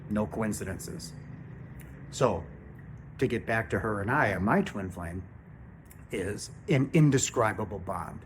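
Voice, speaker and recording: An earnest man in his fifties talks through a casual spiritual monologue in a fairly low voice. He often pauses to check in with his listeners, and a faint background noise sits under the recording. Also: lively intonation. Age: 50s. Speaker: spiritual channel host.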